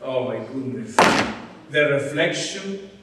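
A male evangelist preaching a sermon with exuberance, shouting praise and calling the congregation to repeat after him. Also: medium pitch, lively intonation, slow pace, heavy background noise. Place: large church hall. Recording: echoey church hall, mic far off.

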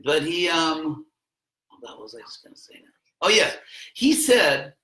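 A man's voice: fairly high pitch, very animated, unhurried, pauses often, pushed and bright, roomy sound, poor audio. A man giving an informal classroom lecture in a rambling, conversational way, with wry asides.

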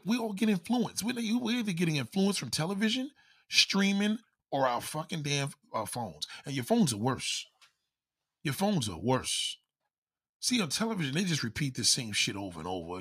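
A man ranting in a loud, profane, comedic style, constantly swearing and acting out quoted voices. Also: high voice, breathy edge.

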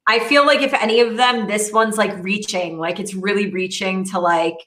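Bright, tense-voiced woman co-host. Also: medium pitch, steady tone. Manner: quick agreeing interjections. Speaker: podcast co-host. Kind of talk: casual chat.

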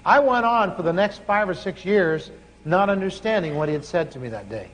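A man preaching a sermon, telling a personal story and acting out his conversation with God in an animated way. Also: sits high, brisk. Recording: long hall reverb.

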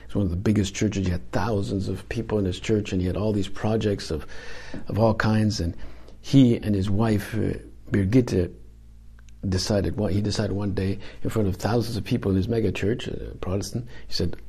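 A man preaching an informal homily in a conversational, halting way, with restarts and frequent dips into a whisper. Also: on the low side, fairly even intonation, dark tone, slightly rough.

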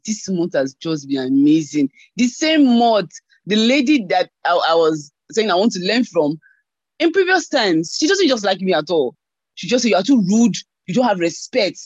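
A woman giving a church testimony over an online call, telling her story in an animated way and acting out the voices she quotes. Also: fairly low pitch, no room sound. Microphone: online call mic. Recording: dull lo-fi online call audio.

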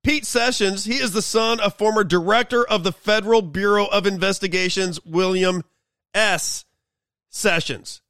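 Sarcastic guy hosting a political show, bright sharp tone. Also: high-pitched, steady tone, moderate pace, no echo. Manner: sarcastic, mocking. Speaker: host. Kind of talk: political commentary monologue.

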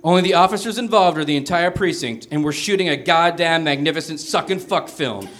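A man's voice: fairly high pitch, a little fast, a bit bright, close to an everyday voice. A man playing a sly smug police commander. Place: small theater with a live audience. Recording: noisy live stage recording.

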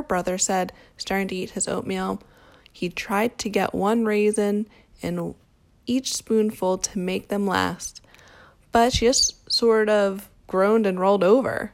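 A woman reads a children's picture book aloud at a calm, steady pace. Her voice sits at a middle pitch with a gravelly fry running through it. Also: a little slow. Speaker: storybook reader.

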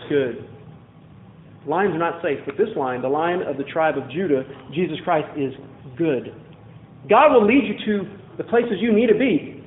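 A man's voice: a little high, lively intonation, a little slow, reverberant, narrow, tinny audio, slight background noise. A man from Louisiana preaching a sermon in a conversational storytelling way, asking the congregation questions. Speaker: pastor.

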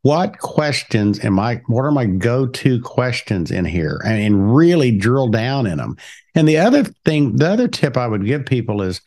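A middle-aged man co-hosting a casual chat, telling sales stories and acting out both sides of the talk. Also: medium pitch. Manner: animated, acts out both sides of his stories. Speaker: podcast co-host.

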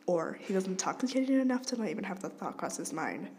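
A woman reading a first-person novel aloud, with halting slips and restarts. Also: mid-range voice, very animated, a little mellow, reverberant, distant mic. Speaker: reader.

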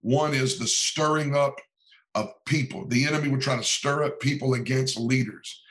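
A man's voice: mid-range voice, normal speed, fairly bright tone, low-quality recording. A man, a pastor and author, talking as a podcast guest in an earnest, sermon-like cadence with frequent repetitions. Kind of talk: preaching-style podcast talk.

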